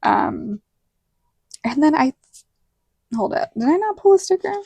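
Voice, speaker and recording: A woman's voice: high-pitched, big pitch swings, unhurried, creaky, a little mellow, no room sound. A woman in her thirties with a Southern American accent, chatting casually and telling a story while decorating her planner, full of quoted dialogue. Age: 30s. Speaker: planner vlogger.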